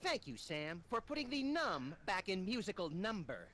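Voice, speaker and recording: A man's voice: high voice, very animated, normal speed, crowd noise. A man voicing a manic, gleefully violent male rabbit in a comedy adventure game.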